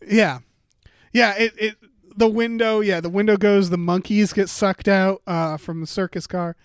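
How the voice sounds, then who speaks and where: Man, podcast co-host, high voice, rambling improv storytelling, dry close mic. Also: steady tone, measured pace, clear, resonant tone, no room sound. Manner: rambling, hesitant, filler-heavy narration. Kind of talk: improvised comedic storytelling game.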